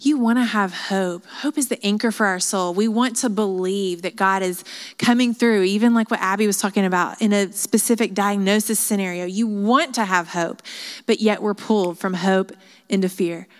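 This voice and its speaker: A woman leading a women's Bible study, talking in an earnest, conversational way full of asides and small fillers. Her voice sits at an ordinary middle pitch. It carries a long reverb, as if she is speaking in a large hall. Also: normal speed.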